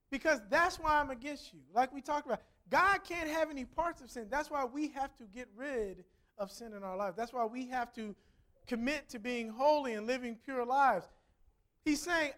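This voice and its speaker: A woman's voice: high-pitched, normal speed, fairly bright tone. A woman reading a Bible passage aloud and then explaining it in an earnest, conversational sermon with emphatic repetition. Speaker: Bible teacher. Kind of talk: scripture reading and sermon commentary.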